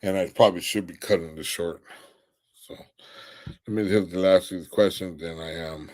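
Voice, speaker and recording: A young man hosting a late-night live stream, worn out and ready for bed. His voice sits a little low as he trades crude, mocking jokes and reads out comments from his viewers. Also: steady tone, moderate pace, pauses often, a little mellow. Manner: crude, mocking trash talk, often laughing. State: tired. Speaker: livestream host. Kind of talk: casual livestream chat.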